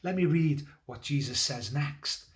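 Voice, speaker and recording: Man telling a Bible story to children. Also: on the high side. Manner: gentle, conversational storytelling with pauses and fillers; lively, building energy toward the climax of the story. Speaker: church children's leader.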